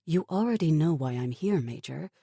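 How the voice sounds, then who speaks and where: A woman's voice: sits low, animated, normal speed, gravelly, mellow, husky, dry recording, clean studio sound, exaggerated voice. A woman voicing a desperate, defiant woman research scientist in an audiobook, insistent and pleading. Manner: insistent, pleading, rising to anger. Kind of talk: audiobook character voice.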